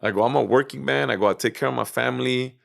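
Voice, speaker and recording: A man's voice: medium pitch, fast talker, creaky, a bit bright. A man being interviewed on a podcast, casually retelling his own story with lots of fillers, swearing and acted-out quotes. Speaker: interview guest.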